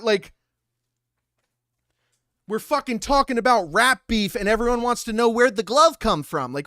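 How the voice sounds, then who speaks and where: A young man hosting a livestream, ranting loudly and profanely about a rap feud while reading chat aloud. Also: high voice, sing-song, takes it slowly, no echo, studio quality. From Italian heritage. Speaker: livestream host. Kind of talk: casual livestream commentary.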